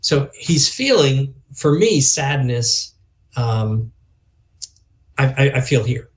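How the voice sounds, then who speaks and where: A man's voice: mid-range voice, big pitch swings. A middle-aged man speaking earnestly and reflectively as a podcast guest, sometimes emotional as he tells a personal story. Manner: earnest, reflective, quick to emotion, acts out quoted dialogue. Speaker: guest, youth organization leader. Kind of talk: conversational podcast interview.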